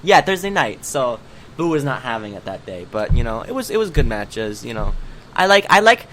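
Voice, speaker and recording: A man's voice: medium pitch, big pitch swings, moderate pace, a bit bright, a little hiss or hum. A man co-hosting a casual gaming podcast, chatty and rambling, with lots of fillers and restarts. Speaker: podcast co-host.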